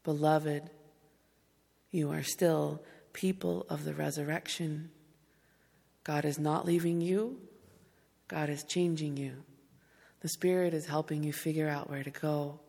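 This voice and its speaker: Tender woman pastor with a gravelly voice. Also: sits low, steady tone, unhurried, pauses often, dark tone, long reverb tail. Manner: tender, pastoral, addresses the congregation directly. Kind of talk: sermon.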